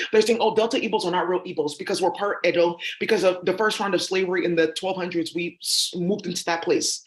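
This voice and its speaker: Rambling, accusatory woman vlogger. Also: lowish voice. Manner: rambling and accusatory, heavy with fillers. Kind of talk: rambling direct-to-camera monologue.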